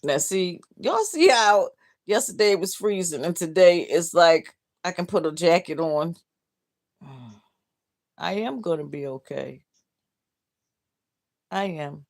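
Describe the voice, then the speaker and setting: A woman's voice: fairly low pitch, lively intonation, slow, vocal fry, long pauses. A middle-aged woman hosting a livestream, downcast and heartbroken, reading out comments bluntly with swearing and laughs. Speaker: livestream host.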